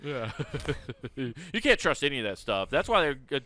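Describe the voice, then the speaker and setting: A male comedian co-hosting a podcast, joking and quick to laugh in casual banter. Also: mid-range voice, sing-song, sharp tone.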